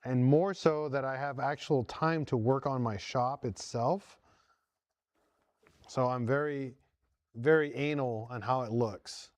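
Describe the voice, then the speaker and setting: A man's voice: medium pitch, slow, no echo. A man hosting a casual workshop vlog from his home garage shop, talking viewers through each step as he works. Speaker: host.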